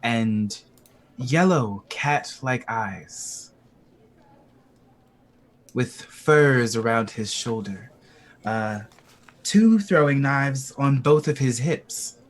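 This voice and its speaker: A man playing in a tabletop game, describing his character in measured, pausing phrases. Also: mid-range voice, lively intonation. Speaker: player.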